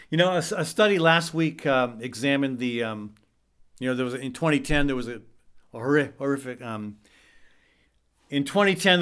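Male talk radio host, middle-aged, halting but urgent delivery. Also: medium pitch, smooth. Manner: urgent, halting, many fillers and restarts. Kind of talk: earnest talk-radio commentary.

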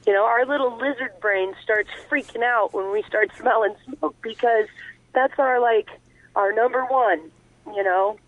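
A woman's voice: on the high side, normal speed, dry recording. A woman guest talking earnestly over the phone, explaining her views in long, run-on thoughts. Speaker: guest on a call-in interview. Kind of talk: conversational explanation. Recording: tinny phone line.

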